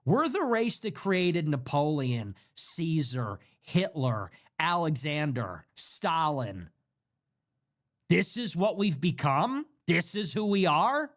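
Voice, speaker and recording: A man's voice: a little high, big pitch swings, takes it slowly, a bit bright. A young man ranting in a livestream monologue, mocking and sarcastic, slipping into whiny impressions of the people he mocks. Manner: mocking, sarcastic, mimics others in whiny voices. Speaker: livestream political commentator.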